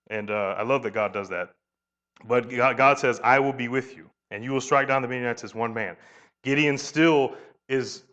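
A man's voice: mid-range voice, muffled recording. Man teaching a Bible passage conversationally. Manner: asks the listeners questions and paraphrases the story in lively voices; informal, with frequent "you know" and "right?".

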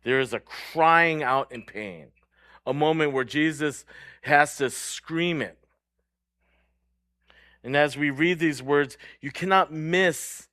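A man preaching a sermon in an earnest way, moving between loud stressed words and hushed low lines, and often asking his listeners "right?". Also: no room sound. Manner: checks in with the crowd by asking "right?". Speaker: pastor.

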